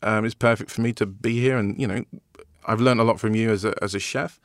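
A man's voice: fairly low pitch, steady tone, brisk, no room sound, studio quality. Teasing man on a podcast. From London. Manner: wry, teasing, laughs often. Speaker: podcast co-host. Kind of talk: casual chat.

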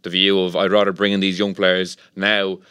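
An Irish man hosting a sports radio discussion, briskly listing facts. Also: low-pitched, completely flat delivery, pushed and bright, clean tone, no echo, studio quality.

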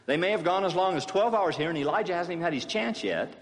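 A man's voice: high-pitched, lively intonation, fast. Wry man preaching in an echoing hall. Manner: wry, playful storytelling with chuckles. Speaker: speaker giving a scripture talk. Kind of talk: sermon with scripture reading and humorous commentary. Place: large hall or tabernacle. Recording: distant hall reverb, faint ambience.

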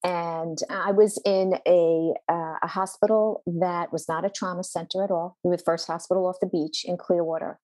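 A woman's voice: lowish voice, steady tone, normal speed, hardly any pauses, darkish tone, no echo. A woman pastor, a podcast guest, telling a personal faith story in an earnest, intense way with a shifting pace.

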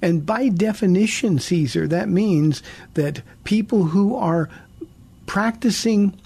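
A man's voice: high voice, slow, vocal fry, warm tone, slightly rough. A man in his sixties hosting a call-in radio Bible show, earnest and repeating words as he restarts. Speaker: radio pastor and call-in host.

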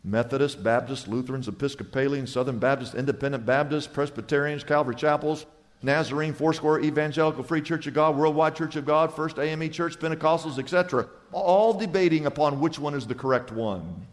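Male pastor, high voice, animated sermon delivery in a church hall with a long echo. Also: fairly quick. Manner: animated storytelling, acts out characters in a joke. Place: church hall before a congregation.

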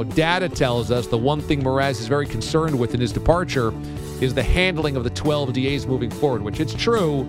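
A man hosting a sports radio show, telling stories in a lively, chatty way. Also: a little high. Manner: animated, laughing, storytelling.

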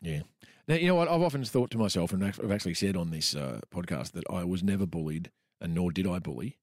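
Middle-aged Aussie bloke, podcast host reading his memoir; lowish voice, dry close mic, wry and laughing. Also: lively intonation, fast, dry recording. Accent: Australian. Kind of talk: storytelling podcast chat, reading aloud.

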